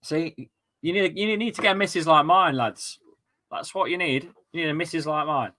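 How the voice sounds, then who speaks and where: This is an East Midlands man hosting a fan watchalong stream from home, reacting to the match with sweary, rambling banter. His voice sits a little high for a man. The tone is strikingly bright and cutting. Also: normal speed. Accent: East Midlands English. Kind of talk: live football fan watchalong commentary.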